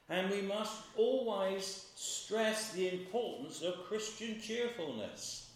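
A man preaching a sermon in a slow, measured way, stressing key words with emphasis. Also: sits high, animated. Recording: very echoey room, voice from far off.

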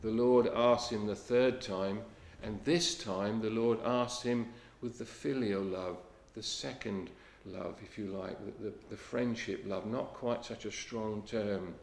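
A man preaching a sermon in an earnest, unhurried way, often dropping to a soft hush. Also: on the low side, fairly even intonation, creaky. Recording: echoey room.

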